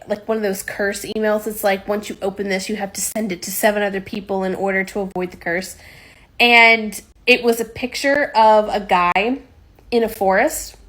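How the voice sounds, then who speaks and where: A woman telling a rambling, animated story. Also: mid-range voice. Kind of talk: casual story time.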